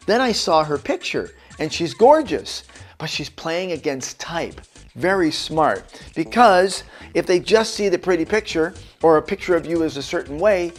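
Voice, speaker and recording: Chatty man coaching, faint music behind. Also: medium pitch. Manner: chatty, anecdotal, coaching tone with direct tips. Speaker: actor giving career advice. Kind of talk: conversational tips video.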